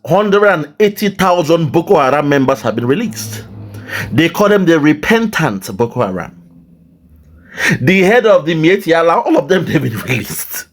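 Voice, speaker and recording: A Nigerian man in impassioned political commentary, his voice sitting a little high and swinging widely in pitch. He sighs often and repeats his phrases for emphasis. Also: sing-song, normal speed. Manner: emotional, sighing, repeating phrases.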